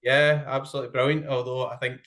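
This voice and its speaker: A man's voice: medium pitch, flat delivery, fast, a bit bright. A man hosting a casual chat with a friend, upbeat and laughing easily, with plenty of ums. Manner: chatty, laughs often, says um a lot. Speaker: host.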